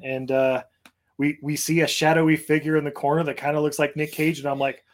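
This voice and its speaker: A man's voice: on the high side, little pitch movement, a little fast. A man co-hosting a casual movie podcast, recapping scenes with lots of fillers and laughter. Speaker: podcast co-host. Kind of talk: casual movie review chat.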